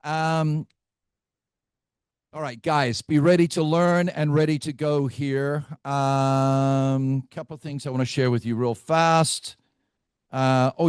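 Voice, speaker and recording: A man's voice: mid-range voice, a little mellow, smooth, dry recording, clean studio sound. Blunt middle-aged man running team training. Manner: blunt, storytelling, asks "right?" often. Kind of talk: live team training talk. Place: meeting room with a group.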